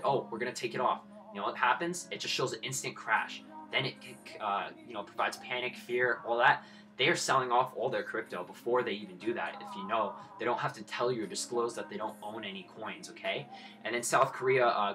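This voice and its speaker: This is a twenty-something man's live stream, his voice medium in pitch. He talks through his crypto trades in a blunt, foul-mouthed way and lectures his audience.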